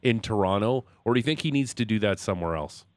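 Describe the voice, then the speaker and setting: A man hosting a sports radio show, asking his guest short, relaxed questions. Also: lowish voice, fast, no room sound. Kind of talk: casual sports radio chat.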